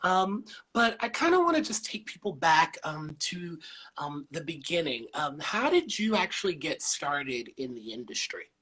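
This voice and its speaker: A woman's voice: sits low, big pitch swings, moderate pace, fairly bright tone, slightly rough. A woman hosting a live video call interview, bubbly, with lots of fillers. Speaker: interview host.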